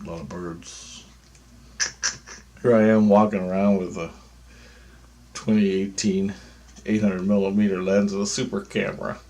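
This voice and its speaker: Fifty-something guy rambling to camera, cusses a lot, kinda low voice. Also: a little mellow, slight background noise. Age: 50s. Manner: profane, blunt and rambling. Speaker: vlogger. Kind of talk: rambling spoken monologue.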